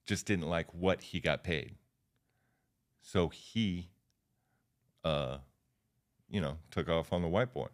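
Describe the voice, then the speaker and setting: A man's voice: sits low, takes it slowly, pauses often. A man in his fifties, a podcast guest, telling stories in a loose, slangy way with lots of fillers. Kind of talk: casual storytelling.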